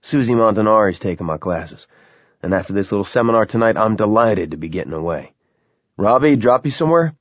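A man's voice: fairly low pitch, lively intonation, brisk, dry recording, highs cut off. A man voicing a blunt, matter-of-fact middle-aged male teacher.

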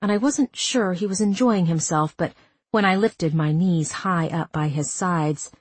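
Low husky woman narrating a memoir. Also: a little slow, no room sound. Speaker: audiobook narrator. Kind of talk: first-person audiobook narration.

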